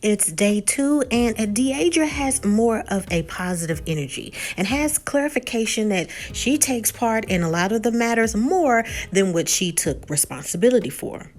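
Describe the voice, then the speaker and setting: A woman giving a casual recap and review of a TV episode, retelling it in an animated way. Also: normal speed, hardly any pauses. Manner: animated retelling with lively pitch.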